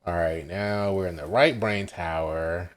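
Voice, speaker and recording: A man's voice: low voice, a little slow. A man casually recapping a manga chapter as he reacts live, hesitant and full of ums and self-corrections.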